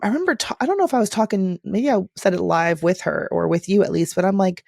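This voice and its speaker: A woman in her thirties co-hosting a podcast, chatting casually in an animated, storytelling way. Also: mid-range voice, fast, gravelly, few pauses, no echo, studio quality. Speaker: podcast co-host. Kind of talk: casual chat.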